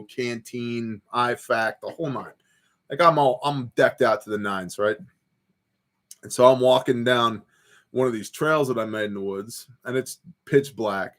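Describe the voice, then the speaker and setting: A man's voice: mid-range voice, a bit bright. Laid-back man chatting on his porch. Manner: laid-back, rambling storyteller with fillers. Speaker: host of a prepper livestream. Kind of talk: casual livestream chat reading comments. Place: home porch, outdoors.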